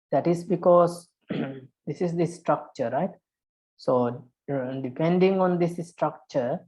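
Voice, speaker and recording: Patient monk teaching with a gravelly voice. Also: male voice, a little high, mellow, poor audio. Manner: patient, counts syllables aloud, frequent fillers and repeats. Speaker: Pali teacher. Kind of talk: online lesson on verse meter.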